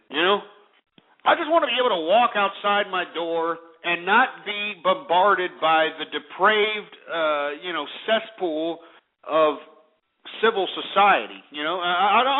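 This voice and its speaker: Male talk radio host, high voice, ranting and profane. Tinny lo-fi sound. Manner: ranting, profane, fast bursts.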